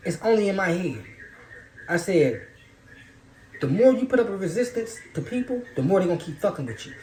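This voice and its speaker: A man's voice: high voice, expressive, fairly quick, darkish tone, slight background noise. A man giving a loose, profane, preachy spiritual monologue in casual talk. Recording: roomy echo.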